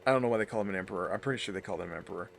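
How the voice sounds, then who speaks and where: A man's voice: sits low, rapid-fire, vocal fry, a little hiss or hum. Rambling man chatting over gameplay. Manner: rambling, filler-heavy, chatty. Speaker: let's play host. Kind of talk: casual gameplay commentary.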